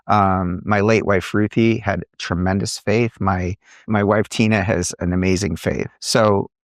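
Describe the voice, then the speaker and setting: A middle-aged man, an entrepreneur and coach, telling earnest, animated stories in a podcast conversation. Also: low voice, a little slow, dry recording, studio quality. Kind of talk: conversational storytelling.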